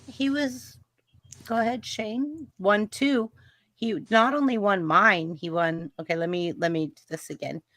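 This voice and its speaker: A woman's voice: mid-range voice, unhurried, fairly bright tone, no echo. A woman co-hosting a casual chat, teasing and joking with the others. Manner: playful, teasing, chatty. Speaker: co-host.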